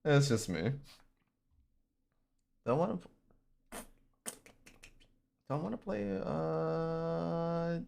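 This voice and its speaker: Male streamer, casual chat, lively pitch, laughs a lot, curses freely. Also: creaky. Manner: animated and swearing, laughs often. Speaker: livestreamer.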